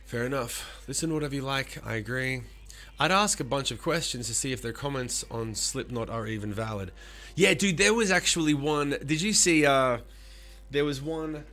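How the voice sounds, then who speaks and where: A man in his forties, a musician streaming live, talking casually with animated, profane rants and answering chat. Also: mid-range voice, normal speed.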